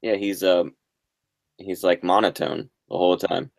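A man's voice: low voice, level tone, unhurried, vocal fry, no echo. A man co-hosting a podcast in casual chat, joking, swearing and laughing a lot. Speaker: podcast co-host.

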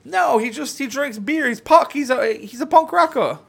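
A man voicing a boastful, odd Canadian villager in a goofy, overdone put-on accent, much higher than his own voice. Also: animated, very fast, creaky, a little mellow, exaggerated voice.

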